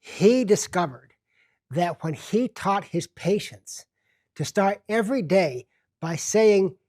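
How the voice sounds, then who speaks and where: A man hosting a self-help television show, teaching in a deliberate, emphatic way and slowing down to stress key words. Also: high voice, lively intonation, a little mellow. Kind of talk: self-help lecture to camera.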